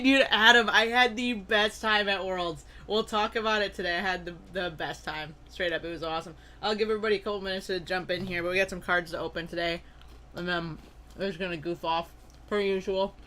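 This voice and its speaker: Bright-voiced upbeat card-opening streamer. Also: mid-range voice. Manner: upbeat, greets viewers by name, frequent loud excited outbursts. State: allergy attack, sneezy. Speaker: live-stream host opening trading cards. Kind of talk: casual live-stream chat.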